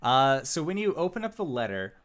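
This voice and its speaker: A man narrating a tabletop game as game master, relaxed with frequent filler pauses. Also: medium pitch.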